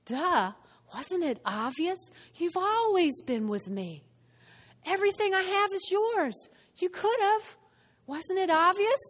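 A woman voicing a loving older father, speaking kindly with gentle exasperation during a sermon. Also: very high-pitched, lively intonation, takes it slowly, voice pushed up, full character voice. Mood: gently exasperated. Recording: long church hall reverb.

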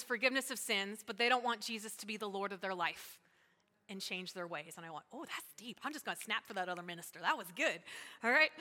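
A woman pastor preaches to her church in a chatty, lively way, full of asides and quick laughs. Her voice is bright, forceful and a little high. The sound rings with the long reverb of a large hall. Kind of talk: sermon. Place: church sanctuary.

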